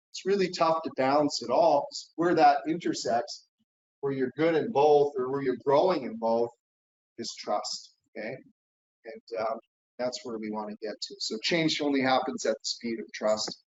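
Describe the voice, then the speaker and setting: At a conference hall, a middle-aged man gives a keynote in a coaching tone, with frequent "right?" and "okay?" check-ins. His medium-pitched voice moves at normal speed, and the recording is echoey, dull and lo-fi.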